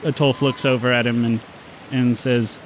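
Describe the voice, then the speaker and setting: Man game master, easygoing narrator, mid-pitched, casual. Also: level tone, moderate pace, slight background noise.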